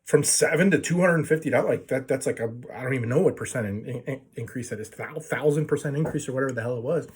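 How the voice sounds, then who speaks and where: A man's voice: mid-range voice, quick pace, few pauses, slightly rough. A man telling a long story to his viewers in a casual, profane way, full of fillers and restarts. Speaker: video blogger telling a story.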